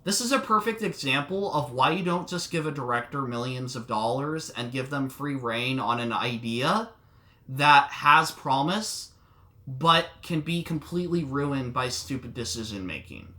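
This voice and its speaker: A man's voice: medium pitch, expressive, a little slow, bright, forceful tone. A man giving a solo film review in an exasperated, sarcastic, ranting manner. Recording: music playing under the voice.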